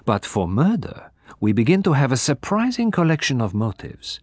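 A man voicing a fussy, precise little male detective, speaking politely and softly. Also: medium pitch, very animated, moderate pace, no echo, studio quality. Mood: thoughtful. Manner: polite, precise, soft-spoken.

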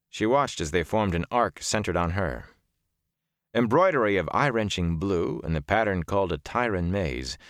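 Deep-voiced male audiobook narrator. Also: no room sound, studio quality. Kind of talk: scripted fantasy narration.

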